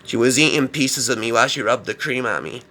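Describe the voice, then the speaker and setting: A man's voice: mid-range voice, a little fast, pushed and bright, slight background noise. A man telling a first-person horror story in a rambling, repetitive way, often tacking on "man". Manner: repetitive, keeps adding "man".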